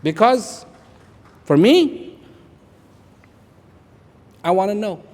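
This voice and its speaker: A man in his fifties from India, speaking, gives an inspirational speech to an audience. He repeats phrases for emphasis and swings between hushed and loud. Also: high voice, sing-song, drawn-out words. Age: 50s. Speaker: public speaker. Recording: echoey large hall.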